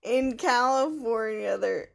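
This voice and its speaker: A woman's voice: on the high side, takes it slowly, vocal fry. A woman co-hosting a podcast, chatting casually, teasing and laughing often. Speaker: podcast co-host. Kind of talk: casual chat.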